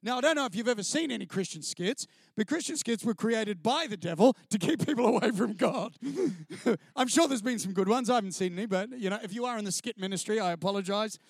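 A man tells a funny story from the stage in an unusually high voice. He is lively and animated, breaks into mimicry of others and laughs mid-sentence. The sound is very dry and close. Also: brisk, no room sound. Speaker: speaker sharing a testimony. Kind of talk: comic storytelling to an audience.

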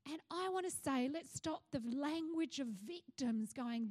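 High-voiced Australian woman pastor preaching. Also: expressive, a little slow, hardly any pauses, darkish tone. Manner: passionate preaching, rising to fervent cries. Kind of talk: sermon.

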